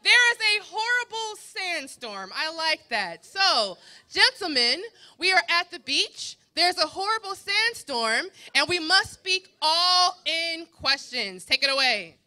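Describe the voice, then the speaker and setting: A woman emcees an improv show as the drama teacher. Her voice is very bright and pitched high, and it swings widely as she upbeatly sets the rules and sends players into scenes. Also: very animated, slow. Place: school theater stage with live audience.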